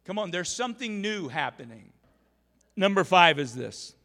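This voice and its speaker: A man's voice: high-pitched, sing-song, moderate pace, bright, forceful tone, in a large hall. A male pastor delivering an emphatic, storytelling sermon full of restarts, recorded in a church. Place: church sanctuary.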